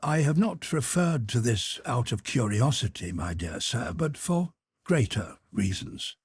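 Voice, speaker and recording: A man's voice: medium pitch, very animated, slightly rough, dry recording, clean studio sound, exaggerated voice. A man voicing a severe old Freemason. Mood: grave, measured. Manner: deliberate, measured and formal. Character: grave old male Freemason, severe yet paternal.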